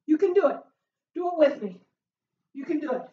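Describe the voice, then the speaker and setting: A woman's voice: high-pitched, animated, fairly quick, mellow. A woman coaching a home workout, upbeat and encouraging with frequent whoops, often out of breath. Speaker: fitness instructor. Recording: echoey room, far from mic, dull sound.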